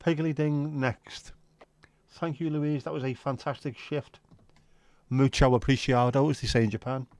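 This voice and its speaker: A man with a medium-pitched, darkish, steady voice hosts a livestream, speaking at normal speed. He banters casually with his live viewers, swearing plenty along the way.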